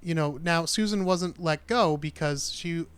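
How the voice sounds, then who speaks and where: A man's voice: fairly high pitch, unhurried, a bit bright, smooth. A man hosting a podcast, telling a true-crime story in a casual, chatty way with dry jokes. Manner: chatty, dry jokes, acts out quoted people. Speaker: podcast host.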